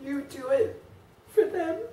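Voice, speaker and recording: A woman vlogger with a high, warm voice speaks slowly in a rambling, emotional personal confessional, full of fillers. She sounds distant, in an echoey room.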